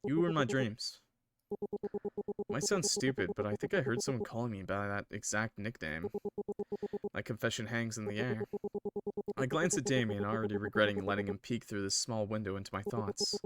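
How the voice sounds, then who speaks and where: A man's voice: fairly low pitch, expressive, moderate pace, a bit bright, soft background music. A man streaming, reading a visual novel aloud with casual, jokey asides.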